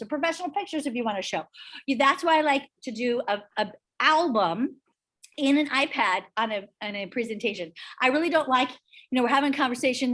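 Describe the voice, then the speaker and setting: A middle-aged woman leading a real estate sales training, chatty and energetic, telling stories to the room. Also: high-pitched. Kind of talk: training workshop talk.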